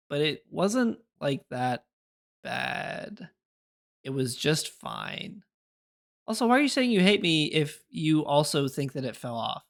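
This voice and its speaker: A man's voice: fairly high pitch, creaky, fairly bright tone. A young man chatting casually on a live stream, rambling through opinions and answering his chat with little laughs.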